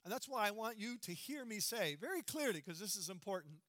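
A man preaching a sermon in an earnest, emphatic way, slowing down and dropping to a hush on key words. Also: sits high, sing-song, no room sound, studio quality.

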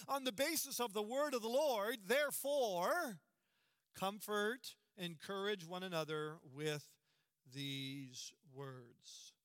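A middle-aged man preaches with a high, bright, ringing voice. He leans hard on key words and keeps asking the congregation questions. The sound is dry and close. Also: clear, resonant tone, dry recording. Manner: emphatic, asks the congregation rhetorical questions. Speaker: pastor. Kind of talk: sermon.

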